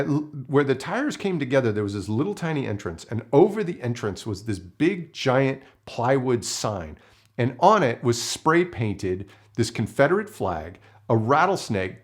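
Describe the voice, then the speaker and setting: Animated man telling a story. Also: medium pitch, measured pace. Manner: animated, acts out the people in his story. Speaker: filmmaker. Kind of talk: storytelling to camera.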